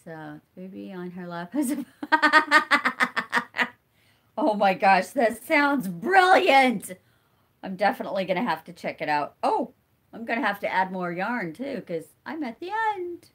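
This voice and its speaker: A woman's voice: mid-range voice, very animated, measured pace, a bit bright. A middle-aged woman with a stuffy nose hosts a casual live stream, chatting and answering viewer comments as they come in. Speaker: homesteading channel host.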